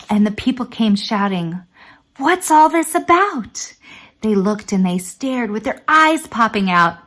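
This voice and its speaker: A woman, a teacher, reading a rhyming storybook aloud with lively, expressive delivery. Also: mid-range voice.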